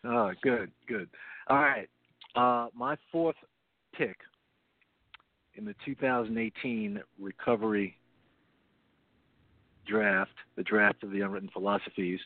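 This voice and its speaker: On a casual radio-style recovery show, a male co-host explains earnestly, returning to the same phrases often. His lowish voice has fairly even intonation, a measured pace, and frequent pauses, and the dry recording comes over a phone line, not his headset.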